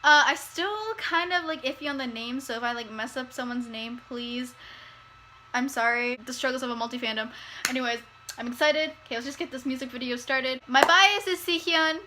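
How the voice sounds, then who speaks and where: A woman's voice: high-pitched, a little fast, pushed and bright, a little hiss or hum, poor audio. A young woman hosting a music video reaction, gushing, squealing and laughing as she watches. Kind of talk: excitable reaction commentary. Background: faint music from the video being watched.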